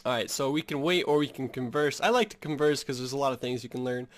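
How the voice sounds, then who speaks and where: A man's voice: medium pitch, fast talker. Rambling man reading game text. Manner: rambling, lots of filler words. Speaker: gameplay streamer. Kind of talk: casual game commentary, reading story text aloud.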